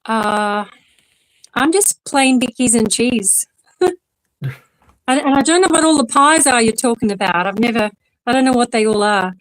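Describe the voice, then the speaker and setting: A woman's voice: fairly high pitch, expressive, normal speed, long pauses, no room sound, poor audio. An Australian woman chatting casually as co-host and explaining things at length. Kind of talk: casual chat.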